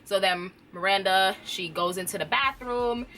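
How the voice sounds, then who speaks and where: Bright-voiced woman recapping a TV episode. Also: mid-range voice, normal speed, a little hiss or hum. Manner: chatty, laughs often, fills with "like". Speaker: TV show reviewer. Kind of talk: casual recap chat.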